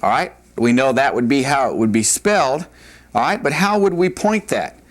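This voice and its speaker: A man's voice: mid-range voice, expressive, normal speed. Man, classroom grammar lecture, patient, repetitive, filler words, at a board. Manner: patient, repeats key words, frequent "all right" and "uh". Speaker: Hebrew teacher.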